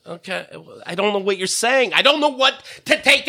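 A man rants on a podcast, his voice swooping all over the place as he swears and vents. It has a bright, forceful edge that jumps from low grumbles up to shouts. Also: lively intonation, moderate pace. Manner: exasperated, swearing, swinging between mutters and shouts. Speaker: podcast host. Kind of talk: profane comedic rant.

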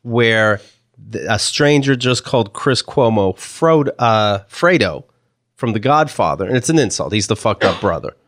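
A man's voice: lowish voice, lively intonation, normal speed, a bit bright, no echo, clean studio sound. A man co-hosting a casual talk show, explaining and commenting on a viral clip. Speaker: co-host.

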